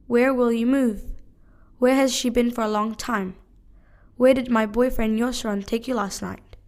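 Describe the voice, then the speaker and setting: A woman, reading English practice questions one at a time in a measured, careful way. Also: fairly high pitch, fairly even intonation, darkish tone. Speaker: English teacher. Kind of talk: reading drill sentences aloud.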